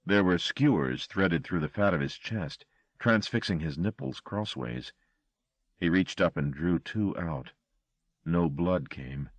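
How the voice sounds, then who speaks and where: A man reading a horror audiobook with a dramatic, expressive delivery. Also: low-pitched, unhurried, no echo. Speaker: audiobook narrator. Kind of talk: scripted horror narration.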